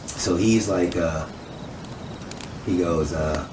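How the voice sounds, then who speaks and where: A man telling a casual personal story, animated and acting out quoted dialogue. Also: sits low, slow, long pauses. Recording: echoey room, distant mic, noisy.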